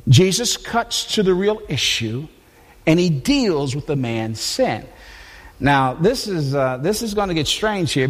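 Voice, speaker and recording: A man's voice: on the high side, slightly rough. A man preaching a sermon in a loose, conversational way, restarting and repeating words as he talks. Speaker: pastor. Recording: long hall reverb.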